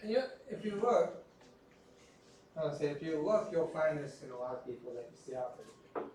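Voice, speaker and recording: A middle-aged man lectures an anatomy class in a loose, chatty way, with joking asides. His voice sits a little high for a man. The recording catches him from well back in a heavily echoing classroom. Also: lively intonation, normal speed, a little mellow, slight background noise. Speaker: anatomy instructor. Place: large echoey classroom. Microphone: recorded from a distance. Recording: echoey classroom from far off.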